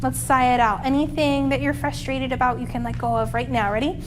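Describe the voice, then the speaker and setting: A young woman leading preschoolers through yoga and calming exercises, speaking in a gentle, encouraging way. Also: high-pitched, noisy background. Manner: slow, soothing, encouraging. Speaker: children's librarian leading yoga.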